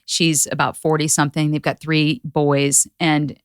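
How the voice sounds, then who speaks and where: A woman's voice: deep voice, little pitch movement, a little slow, clear, resonant tone, no room sound, clean studio sound. A middle-aged woman hosting a podcast, telling a story with lots of energy, acting out quotes, swearing and laughing. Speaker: podcast host. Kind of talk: casual chat.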